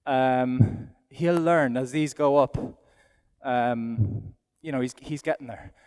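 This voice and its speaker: A man's voice: mid-range voice, slow, darkish tone, clean tone. A middle-aged man with an Irish accent gives live demonstration commentary as an event rider, chatting aloud in a self-deprecating way while he rides. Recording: long hall reverb from an arena.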